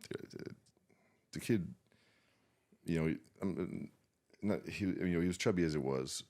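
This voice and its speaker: A veteran man guesting on a podcast tells an emotional personal story, his voice low-pitched and dark in tone. He is halting and subdued, restarting often, using plenty of fillers, and swearing frequently.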